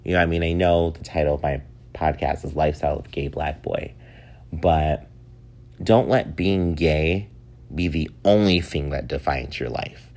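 Deep-voiced man chatting on his podcast. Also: moderate pace. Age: 30s. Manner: chatty, animated, laughs often. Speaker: podcast host. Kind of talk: casual solo podcast talk.

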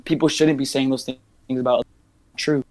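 A man's voice: mid-range voice, flat delivery, normal speed, no room sound. Young man telling a heated, profane story. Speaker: podcast guest, barber and rapper. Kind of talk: casual storytelling chat.

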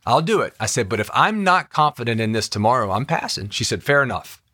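A man's voice: mid-range voice, very animated, quick pace, pushed and bright, no echo, clean studio sound. A man, a podcast co-host and actor, chatting casually and telling an enthusiastic personal story.

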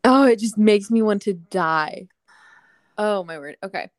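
A woman's voice: medium pitch, a little slow, dry recording, clean studio sound. Bubbly, laughing woman co-host. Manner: bubbly, laughs often, self-deprecating. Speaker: podcast co-host. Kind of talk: casual chat, telling anecdotes.

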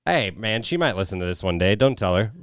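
A man's voice: on the low side, sing-song, fast, no echo, studio quality. A man co-hosting a casual podcast, laughing often and cracking crude jokes. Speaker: podcast co-host.

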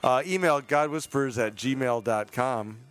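A man's voice: mid-range voice, measured pace, a bit bright. A man co-hosting a podcast as a pastor, in casual joking chat, laughing often and trailing off mid-sentence.

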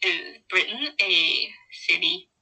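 A woman's voice: fairly low pitch, lively intonation, slow pace, pushed and bright, slightly rough, low-quality recording. A young woman in casual chat, playful and musing aloud with puzzled questions.

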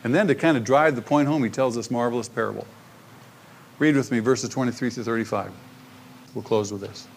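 A man preaching a sermon as pastor, retelling a parable with lively emphasis and acted-out voices. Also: medium pitch, fairly quick, creaky.

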